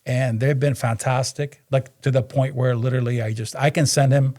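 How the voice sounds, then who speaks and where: This is a man, a co-founder of a business, chatting as a podcast guest and spinning casual stories in which he acts out what people said with animation. His voice is mid-range and his pace moderate.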